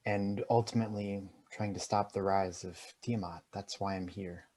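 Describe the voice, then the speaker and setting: A man playing his character in a tabletop game, speaking calmly and earnestly. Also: on the low side. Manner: calm, earnest, measured. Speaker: player. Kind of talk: in-character tabletop role-play.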